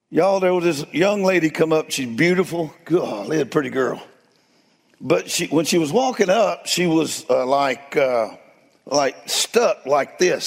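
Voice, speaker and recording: A preacher man with a gravelly, husky voice and a high, lively pitch. He tells stories slowly and folksily, breaking into laughter and then dropping to a hush. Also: big-room sound. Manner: folksy, laughing, swings between loud and hushed. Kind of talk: storytelling sermon.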